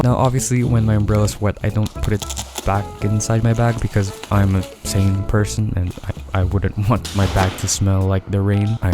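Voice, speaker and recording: A man's voice: lowish voice, level tone, normal speed. A young man, chatting casually as a student vlogger and dropping self-deprecating jokes. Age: 20s. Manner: joking, self-deprecating asides. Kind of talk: casual vlog chat. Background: faint background music.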